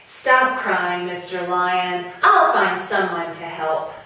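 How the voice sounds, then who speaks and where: A woman's voice: lowish voice, takes it slowly, sharp tone. A woman voicing a kind, helpful female rabbit in a puppet storytime for toddlers, coaxing and friendly. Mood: soothing. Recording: echoey room, mic far off.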